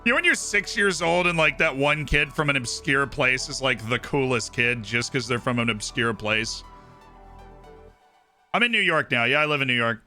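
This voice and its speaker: A man's voice: mid-range voice, sing-song, a little fast, bright, forceful tone, faint music behind. An American man from Florida, a streamer rambling in casual chat while playing a football management game, full of asides and "right?" tags. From Tampa, Florida.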